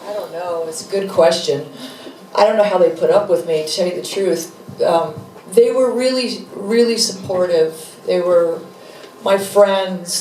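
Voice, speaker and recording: A woman in her fifties tells lively, laughing stories in a lowish voice as the guest of an onstage interview. She sits a little off the mic, so the room rings around her. A faint hum of the venue stays underneath. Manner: animated, laughing storyteller. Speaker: guest, author and rock musician. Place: bar venue with live audience. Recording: echoey room, mic from a distance.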